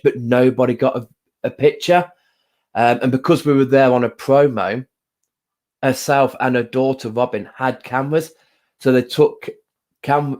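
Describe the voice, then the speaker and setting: A man hosting a casual live stream, talking gently with many pauses and fillers and greeting viewers by name. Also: medium pitch. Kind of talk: casual live-stream chat with card reading.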